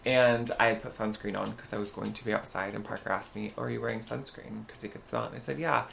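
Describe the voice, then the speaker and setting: A man with a gravelly, bright and edgy voice chats as a podcast co-host. He tells stories in an animated, gossipy way and breaks into loud outbursts now and then. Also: on the low side, quick pace, a little hiss or hum. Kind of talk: casual chat.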